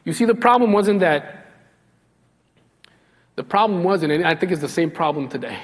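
Male pastor, sermon, slightly high voice, long reverb. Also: expressive. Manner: slows down and drops low when quoting God.

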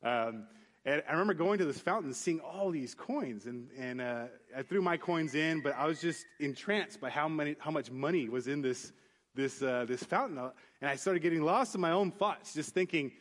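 A somewhat high-voiced man delivering a sermon in an earnest, conversational manner. He tells stories to the congregation, stumbling over words and restarting his sentences as he goes. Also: normal speed. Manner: earnest storytelling, rising into animated retelling with acted voices. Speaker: pastor. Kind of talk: sermon with personal story.

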